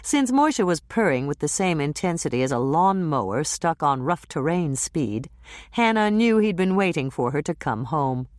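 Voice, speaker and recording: A woman narrating a cozy mystery audiobook with an animated, expressive delivery. Her voice sits a little low and swoops lively through each sentence, recorded dry and close. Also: moderate pace, no room sound. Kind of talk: scripted narration.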